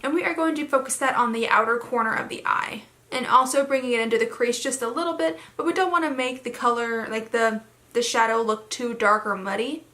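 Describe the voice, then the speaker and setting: Bright, chatty young woman vlogger. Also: a little high, brisk. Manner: chatty, rambling with many fillers. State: slightly hoarse, frog in her throat. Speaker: beauty vlogger. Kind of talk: casual makeup tutorial chat.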